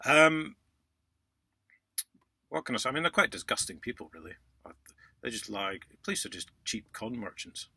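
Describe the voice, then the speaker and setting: A man vlogging in a casual, indignant monologue, sarcastic, with loud outbursts and muttered asides. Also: medium pitch, big pitch swings, normal speed, long pauses, husky, no room sound. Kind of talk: casual ranting monologue to camera.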